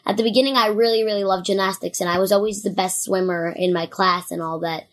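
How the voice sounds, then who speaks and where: An eleven-year-old girl chatting as a podcast guest, with lots of "like" fillers and a lively, chatty manner. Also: mid-range voice, quick pace. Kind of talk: casual chat.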